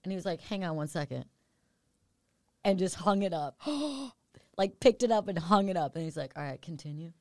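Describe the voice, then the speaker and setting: A young woman hosts a casual podcast, rambling through a story and acting out quoted voices. Her voice sits lower than most women's, recorded close and dry. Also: animated, moderate pace, long pauses, a little mellow, no echo. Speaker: podcast host.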